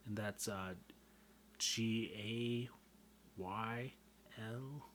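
A man talking casually on his own, joking and swearing a lot, often getting loud and worked up. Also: lowish voice, extremely slow, a little hiss or hum. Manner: profane, joking, self-deprecating, swings loud and excited. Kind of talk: casual rambling monologue.

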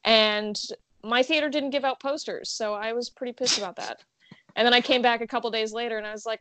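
A woman's voice: fairly high pitch, steady tone, fast, fairly bright tone, no room sound. Self-deprecating young woman, casual chat. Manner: self-deprecating, laughs often. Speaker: podcast guest.

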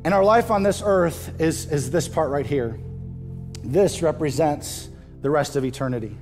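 A male pastor preaching a sermon to his church, impassioned and rising loud at emotional peaks. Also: on the high side, moderate pace, soft background music. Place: church stage.

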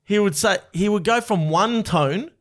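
Man, high voice, animated comedy co-host, crude and laughing. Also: moderate pace. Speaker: podcast co-host. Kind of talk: casual comedy chat.

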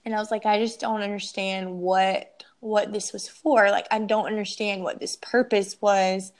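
A young woman telling her personal story as an interview guest, emotional and halting, often restarting her sentences. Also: medium pitch, fairly even intonation.

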